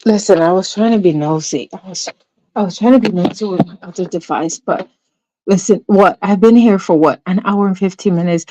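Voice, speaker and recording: Talking through drama with her chat, a woman rambles on a casual livestream captured on a phone, at times sinking to a near whisper. Her voice is fairly low, mellow and brisk, with no echo and dull audio.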